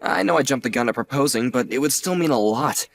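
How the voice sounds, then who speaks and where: A young man playing a newly engaged nephew who is earnest and gently apologetic. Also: mid-range voice, lively intonation, fast talker, gravelly. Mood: hesitant. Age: young adult. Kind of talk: scripted dialogue drama.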